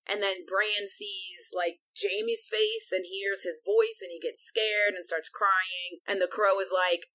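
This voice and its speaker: A woman's voice: mid-range voice, steady tone, slow pace, few pauses, pushed and bright, poor audio. A woman co-hosting a podcast, casually retelling a book chapter at length and peppering it with "like". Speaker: podcast co-host.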